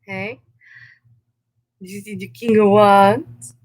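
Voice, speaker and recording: A woman's voice: medium pitch, little pitch movement, slow, darkish tone, dry recording, low-quality recording. A woman giving a casual live tarot reading, rambling and easily sidetracked. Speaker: tarot reader.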